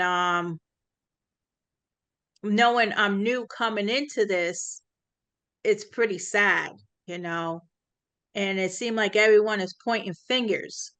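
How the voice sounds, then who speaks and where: A woman speaking softly and hesitantly, with sadness, during an online community meeting. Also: mid-range voice, dry recording. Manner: soft-spoken, sad, hesitant.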